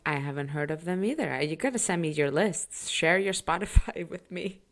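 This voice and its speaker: A woman in her thirties co-hosting a podcast, chatting casually, laughing often and dropping quick asides. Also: lowish voice, lively intonation. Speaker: podcast co-host. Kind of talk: casual chat.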